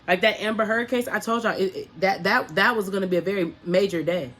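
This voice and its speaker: A woman's voice: mid-range voice, quick pace, hardly any pauses, fairly bright tone, slight background noise. A woman speaking as a spiritual coach and astrology reader. She talks casually to her viewers, with emphatic, repeated rhetorical questions and profane slang.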